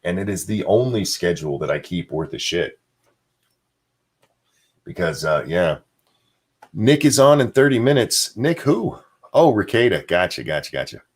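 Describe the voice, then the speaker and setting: A man's voice: lowish voice, lively intonation, measured pace, pauses often, breathy edge. A man hosting a casual livestream show, rambling through viewer chat with plenty of fillers and chuckles. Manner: answers viewer chat and donations aloud.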